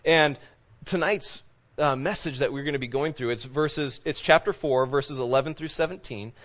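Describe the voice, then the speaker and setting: A man's voice: medium pitch, moderate pace, a bit bright, muffled recording. A man who is a pastor, preaching a sermon in a loose, conversational way, full of fillers and asides. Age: adult parent of children.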